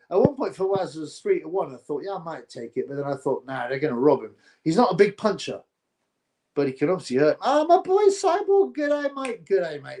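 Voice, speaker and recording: A man hosting a live stream, chatting to viewers and reacting excitably to a fight. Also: fairly high pitch. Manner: chatty, excitable, slangy, talks to chat viewers.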